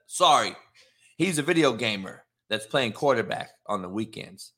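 Mocking his commenters in a brash, profane live-stream rant, a middle-aged former coach hosts his show with a sharp tone in a mid-range voice.

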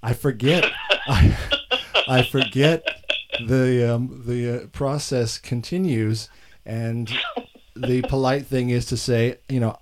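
A man's voice: mid-range voice, steady tone, slow, a little hiss or hum. American male host, casual and self-mocking banter. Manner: joking, self-deprecating. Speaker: podcast host. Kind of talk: casual chat.

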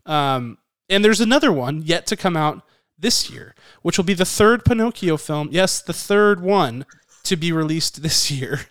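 A man co-hosting a casual podcast, his voice a touch high with a smooth, clear tone. He jokes and rants in a lively way, recorded close and dry with no room sound. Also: a little slow, no room sound. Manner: animated, joking, rant-prone. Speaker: podcast co-host.

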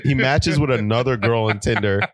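A man's voice: mid-range voice, fairly quick, no echo. Laughing man reading a story aloud. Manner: laughs often while reading, loose and joking. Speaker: podcast co-host. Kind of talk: casual chat, reading a listener story aloud. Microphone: podcast microphone.

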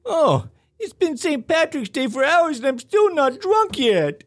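A man's voice: very high voice, very animated, measured pace, voice pushed up, heavily acted. A man doing an impression of a whiny, drunk middle-aged cartoon dad for a podcast game.

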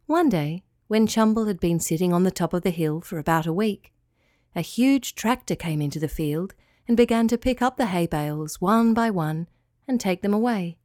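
Calm woman reading a children's story. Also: lowish voice, moderate pace, no echo, clean studio sound. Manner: calm, clear and expressive.

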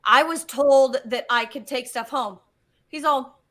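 A woman geologist telling a story in casual conversation, animated and swearing as she acts out what was said. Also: high-pitched, a little slow. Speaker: guest geologist.

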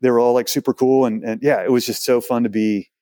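A man's voice: mid-range voice, quick pace, no echo. Chatty storytelling man, dry close sound. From Houston, Texas. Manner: animated, chatty, many restarts. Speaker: guest. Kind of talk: casual storytelling interview.

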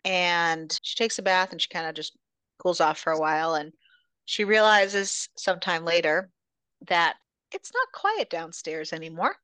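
A woman's voice: lowish voice, lively intonation, unhurried, sharp tone, no room sound. A woman hosting a podcast, casually recapping a novel's plot, swearing freely and retelling scenes. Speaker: podcast host. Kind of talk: casual book recap chat.

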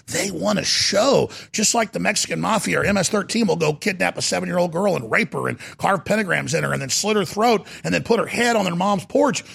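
Male talk host, gravelly husky voice, high and wildly swooping pitch, heated shouting rants. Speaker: radio talk show host. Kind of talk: ranting political talk.

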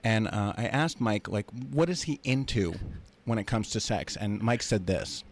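A man's voice: fairly low pitch, expressive, moderate pace, a little hiss or hum. A man hosting a podcast in a studio, chatting casually and introducing his guests. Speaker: podcast host. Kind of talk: casual chat. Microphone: studio mic.

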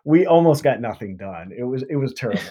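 A man with a Southern American accent, a guest telling stories in an easygoing, measured way. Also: medium pitch, lively intonation, dark tone, slightly rough, lo-fi sound. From Mississippi. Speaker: guest, endurance coach. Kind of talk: casual conversational interview.

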